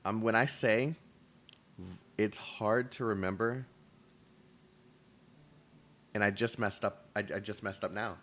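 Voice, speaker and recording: A man's voice: lowish voice, slow pace, pauses often, fairly bright tone. A man streaming a game, reading its dialogue aloud, tripping over words and laughing at himself between loose, joking banter.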